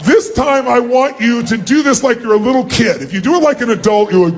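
With a very high-pitched voice and lively intonation, a man delivers a live motivational seminar to a large crowd in a big auditorium. He takes command of the audience, calls for their answers, and acts out fast mock greetings.

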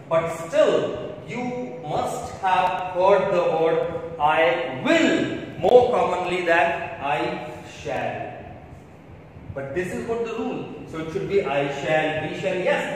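A teacher with a fairly high voice walks a class through grammar, stressing and repeating key words. He is picked up from far away in a classroom with a long, hollow echo and faint background hiss. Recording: echoey classroom taken from afar with faint noise.

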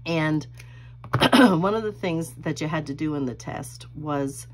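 A woman's voice: sits low, expressive, slow pace, husky. A middle-aged woman hosting a crafting video, telling a rambling personal story while she works, laughing often. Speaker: crafting channel host.

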